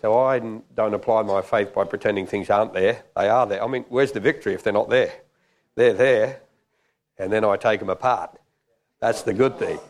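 Jokey preacher, low voice. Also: male voice, moderate pace. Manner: jokey, conversational, with fillers. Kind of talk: sermon.

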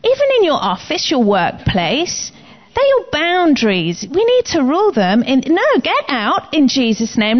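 Woman preacher, emphatic and commanding, high and lively pitch. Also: normal speed. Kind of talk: sermon. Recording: slightly dull lo-fi recording.

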